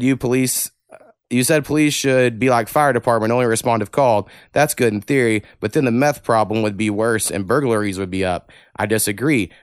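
A man hosting a podcast who talks bluntly and cusses freely while he reads out emails and argues back. His voice is smooth and resonant, and the close mic leaves little room sound. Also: fairly low pitch, no room sound. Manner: blunt, heavy cussing, animated rants. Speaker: podcast host. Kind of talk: casual podcast chat, reading listener emails.

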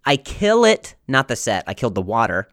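A man's voice: mid-range voice, huge pitch swings, normal speed, a bit bright, no echo, clean studio sound. A young man hosting a podcast, telling a comic story in a rambling, self-interrupting way and laughing at his own jokes. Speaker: podcast host. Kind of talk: comedic storytelling monologue.

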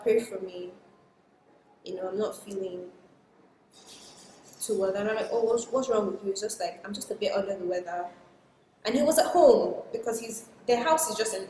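Soft-spoken woman telling a story in a roomy space. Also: medium pitch, slight background noise. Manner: soft, reflective storytelling, trailing into quiet asides. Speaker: guest sharing a personal story. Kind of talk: casual podcast chat. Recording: roomy with long reverb.

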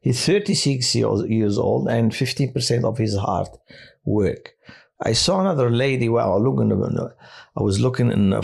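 A man who works as a hospital chaplain tells personal stories in a halting way, with many restarts and fillers. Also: mid-range voice, creaky, a little mellow, husky. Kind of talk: personal testimony on a podcast.

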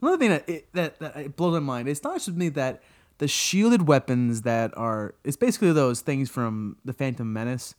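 Exasperated man with a lively voice. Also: moderate pace. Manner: exasperated, profane, jumps to high incredulous outbursts. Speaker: podcast co-host. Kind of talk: casual episode review rant.

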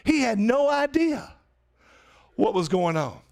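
A man's voice: extremely high pitch, big pitch swings, takes it slowly, gravelly, darkish tone. A man pastor delivering a sermon in emphatic preaching that swells on repeated questions.

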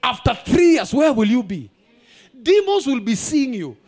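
High-pitched shouting pastor. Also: male voice, big pitch swings, moderate pace. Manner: declares prophecy in shouted bursts, switches into Swahili asides. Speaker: guest pastor. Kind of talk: sermon. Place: church service.

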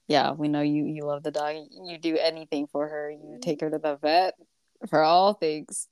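A woman's voice: low-pitched, flat delivery, normal speed, a little mellow, clear, resonant tone, no room sound, clean studio sound. A woman co-hosting a podcast, easygoing and reassuring in casual chat. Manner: easygoing, laughs along, reassuring. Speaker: podcast co-host.

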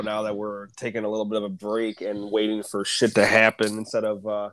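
A man's voice: lowish voice, monotone, a little fast, fairly bright tone, no echo. A man co-hosting a casual wrestling podcast, getting over a cold with a lingering cough, chatting loosely with plenty of swearing. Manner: casual and profane, with fillers. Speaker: podcast co-host. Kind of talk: casual chat.

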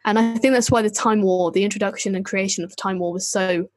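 A woman's voice: mid-range voice, fairly even intonation, fast talker, dry recording. Enthusiastic woman podcast co-host. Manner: enthusiastic, self-deprecating. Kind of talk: casual chat about a TV show.

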